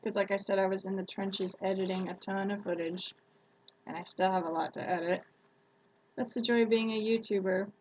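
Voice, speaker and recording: A woman's voice: medium pitch, fairly even intonation, brisk, darkish tone, muffled recording, slight background noise. A woman YouTuber chatting casually on a live stream who laughs often and retells stories with acted-out quotes.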